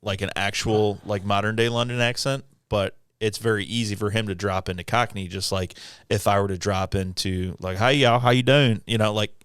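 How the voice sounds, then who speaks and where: A man co-hosting a casual podcast, rambling through his points and restarting often. His voice is low and smooth, recorded dry and close. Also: little pitch movement, moderate pace, hardly any pauses, fairly bright tone, no echo. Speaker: podcast co-host. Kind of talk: casual chat.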